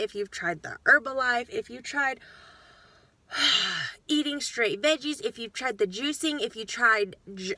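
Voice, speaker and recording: Blunt bright-voiced woman vlogger. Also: a little high, no echo. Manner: blunt, frank and swears freely; fired up, lecturing viewers. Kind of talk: casual talk to camera.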